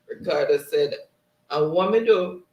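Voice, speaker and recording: A man's voice: a little high, a little slow, darkish tone, highs cut off. A man hosting a live stream in casual chat, reading out viewer comments and often laughing. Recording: roomy, distant mic.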